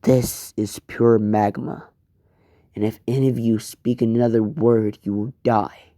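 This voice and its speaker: A cold, menacing teenage boy, as a man puts him on, speaking low and quiet with open scorn. His voice is dark and mellow and drawn out slowly. The sound is close and dry. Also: fairly even intonation, no echo, natural voice. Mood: threatening.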